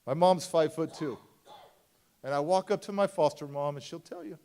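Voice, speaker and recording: A motivational speaker telling a personal story at a conference, acting out the people in it and swinging between hushed and loud. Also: male voice, a little high, normal speed. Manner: acts out voices of people in his story, swings from hushed to shouting. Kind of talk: dramatic storytelling keynote. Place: large conference hall.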